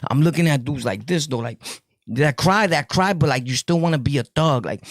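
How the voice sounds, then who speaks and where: A man with a New York accent and a fairly high, expressive voice tells viewers his prison stories, recorded at studio quality without echo. He keeps it casual and jokey, packed with street slang and quick laughs.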